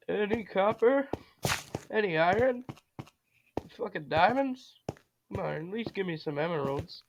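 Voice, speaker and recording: A young man giving casual, profane commentary while playing a video game, with loud outbursts. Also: high voice, expressive, unhurried, pauses often, muffled recording, noisy background. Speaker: gamer. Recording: loud game music behind.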